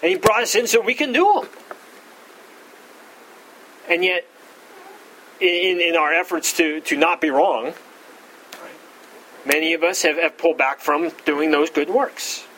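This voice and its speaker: A pastor giving an expository Bible teaching, repeating words and saying "all right" often, rising in pitch to stress key points. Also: male voice, a little slow, long pauses, pushed and bright, a little hiss or hum, rough recording. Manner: rises in pitch for emphasis.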